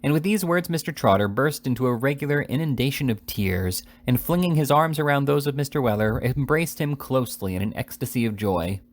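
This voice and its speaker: Man, novel reading, amateur narrator, slightly halting, corrects slips, mid pitch. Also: animated. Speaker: reader. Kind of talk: audiobook reading of a classic novel.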